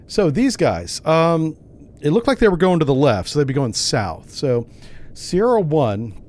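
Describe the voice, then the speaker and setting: A man's voice: medium pitch, a little mellow. A man hosting a gaming channel, giving casual gameplay commentary and thinking aloud in a wry, self-mocking way.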